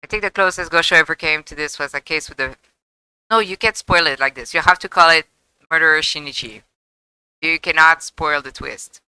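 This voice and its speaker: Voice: medium pitch, fairly quick, bright, forceful tone, clear, resonant tone, no echo, poor audio. A streamer giving casual, chatty commentary while playing a game, often exclaiming and breaking off mid-sentence. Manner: chatty, exclaiming, self-interrupting. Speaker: live streamer. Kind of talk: casual let's-play commentary. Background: game music.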